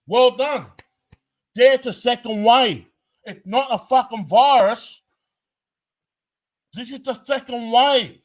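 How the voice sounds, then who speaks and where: A man's voice: very high-pitched, slow pace, pauses often. A man giving a heated, blunt commentary rant, swearing constantly and hammering his points. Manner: profane, blunt and emphatic.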